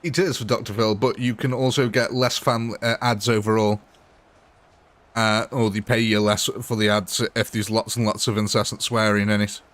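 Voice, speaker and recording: Man, gaming streamer, fairly low voice, casual chat, laughs a lot, replies to viewers. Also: little pitch movement, moderate pace, a bit bright. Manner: chatty, laughs often, answers viewers' chat. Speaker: gaming livestreamer.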